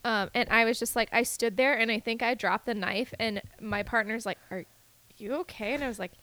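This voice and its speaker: An excitable American woman chatting casually on a podcast, swearing freely. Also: on the high side, brisk. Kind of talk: casual chat.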